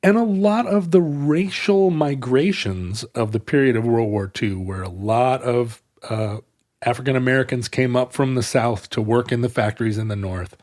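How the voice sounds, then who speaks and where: A man's voice: medium pitch, normal speed, darkish tone. A man co-hosting a podcast, talking through history in a long, winding, explanatory way. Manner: discursive, explaining history at length. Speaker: podcast co-host. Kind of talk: casual chat.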